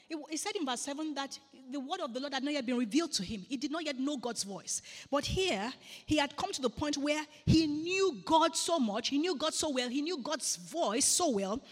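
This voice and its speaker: A woman's voice: high-pitched, slightly rough, long reverb tail. A woman preaching a sermon in a church, earnestly repeating phrases for emphasis.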